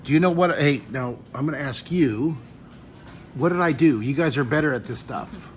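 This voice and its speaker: A man teaching drawing on a live webcast, chatting with fans in a jokey, excitable way and breaking into delighted exclamations. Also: mid-range voice, moderate pace, a little hiss or hum. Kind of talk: lively live-stream chat with fans. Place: a restaurant.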